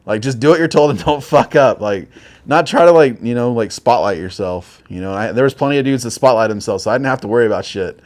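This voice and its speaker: A man's voice: mid-range voice, quick pace, a little mellow. A man in his forties, a military veteran telling his stories casually as an interview guest, profane and rambling with lots of filler words. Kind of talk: casual war storytelling.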